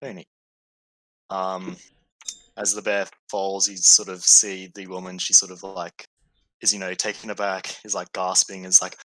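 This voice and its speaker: A man's voice: sits low, monotone, moderate pace, sharp tone, no echo, poor audio. A man narrating as game master, easygoing and hesitant with many fillers.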